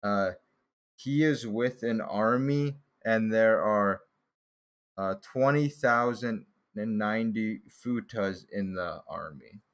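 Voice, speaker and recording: A man's voice: on the low side, slow pace. A young man casually commenting on his old childhood drawings, laid-back and joking, swearing now and then and laughing at himself.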